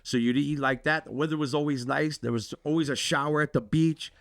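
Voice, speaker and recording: A man from Connecticut, a podcast co-host telling a personal story in a profane, animated way. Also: on the high side, brisk, gravelly, dry recording, clean studio sound.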